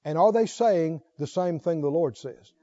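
A preacher with a somewhat high, mellow voice speaks at normal speed, reading scripture aloud with rising fervor and calling out questions to his congregation. The recording sounds muffled.

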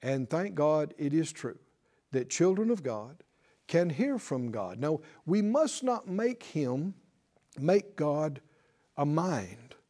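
A man preaching a sermon, slow and emphatic, hitting certain words loudly and chuckling now and then. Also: fairly high pitch, sing-song. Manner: slow, emphatic preaching with sudden loud stresses.

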